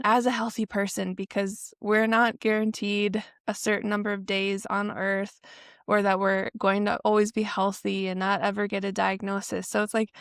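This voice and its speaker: A woman's voice: mid-range voice, dry recording. Woman podcast host, reflective and affirming, dry close mic. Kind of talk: interview conversation.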